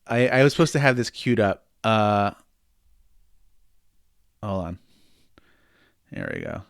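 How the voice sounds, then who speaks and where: A man's voice: fairly low pitch, wildly swooping pitch, slow, vocal fry, no room sound, studio quality. A man co-hosting a casual book-club podcast, joking, swearing and reading listener messages aloud. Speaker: podcast co-host.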